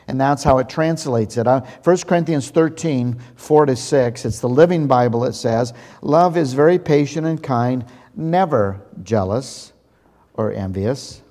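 Slow, mellow-voiced man preaching. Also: mid-range voice. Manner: slow, deliberate, stresses key words. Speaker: pastor. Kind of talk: sermon. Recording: long hall reverb.

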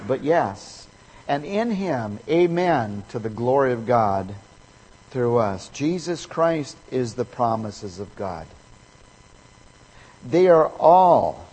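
A man's voice: a little high, a little mellow, slightly rough, long reverb tail, poor audio. A man preaching a sermon, emphatic and fond of repeating key phrases for effect.

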